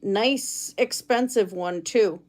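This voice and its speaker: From her home cabin, a woman live streams while making chainmaille jewelry, chatting casually and reading viewer comments aloud. Her medium-pitched voice is slow and slightly mellow.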